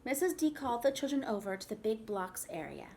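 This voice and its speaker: Animated woman reading a picture book. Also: on the high side, brisk, slight background noise. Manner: expressive, asks the children questions. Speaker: preschool teacher. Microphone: video recording for a class.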